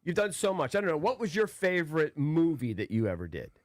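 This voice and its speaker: A man's voice: a little high, very animated, quick pace, no room sound, clean studio sound. A man hosting a radio talk show, asking a guest eager, admiring questions. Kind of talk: casual interview questions.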